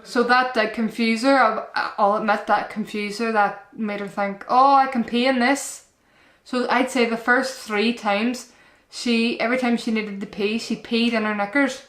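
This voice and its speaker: A woman's voice: fairly high pitch, steady tone, normal speed, fairly bright tone. A young woman and mum giving earnest, chatty parenting advice to camera in a casual vlog style, often calling her viewers "guys" and repeating herself. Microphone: camera-mounted shotgun mic. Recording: echoey room.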